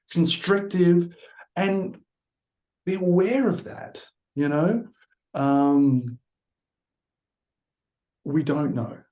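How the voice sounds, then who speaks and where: Aussie guy on a podcast, kinda high mellow voice, reflective storyteller. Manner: thoughtful, storytelling, unhurried. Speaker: guest, transformational coach.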